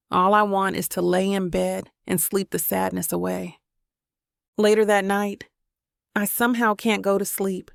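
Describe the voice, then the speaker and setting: A woman's voice: medium pitch, creaky, no echo, clean studio sound. A woman narrating a first-person romance audiobook in an introspective, emotional inner-monologue manner.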